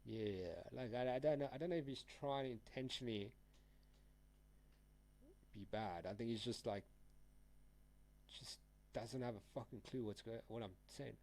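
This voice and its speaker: With long pauses, a young man from South Africa talks at normal speed in a medium-pitched, slightly mellow voice. He's casually chatting on a live trading stream, laid-back and rambling, using slang and laughing often.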